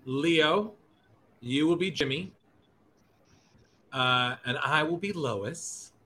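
A man's voice: fairly high pitch, slow, sharp tone. A man hosting a podcast in casual chat who rambles, swears and corrects himself as he goes. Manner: rambling, profane, self-correcting. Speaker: podcast host.

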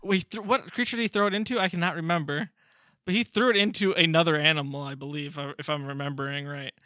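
In studio-quality audio with no room sound, a young man co-hosting a podcast chats casually and retells a comic's story with animation. His voice is a little high, and he briefly slips into the characters in quick bursts.

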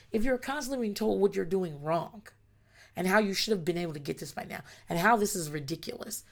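A woman talking about parenting in a frank, animated way, swearing freely and acting out her kids' and her own voices. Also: lowish voice. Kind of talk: casual talk to camera about parenting.

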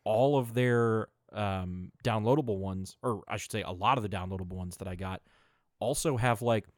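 Chatty man with a low, dry voice. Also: normal speed, dry recording. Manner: chatty, run-on sentences. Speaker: cast member. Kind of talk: casual podcast chat.

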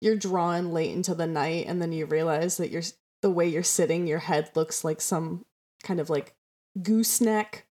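A woman's voice: fairly low pitch, fairly even intonation, moderate pace, mellow. A woman hosting a casual podcast chat, enthusiastic and rambling, with lots of fillers and casual swearing. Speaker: podcast host.

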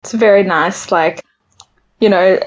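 A woman co-hosting a podcast, chatting about a TV episode in a relaxed, thoughtful way and giggling often. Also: mid-range voice, unhurried. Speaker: podcast co-host. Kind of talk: casual chat recapping a TV episode. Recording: muffled lo-fi audio.

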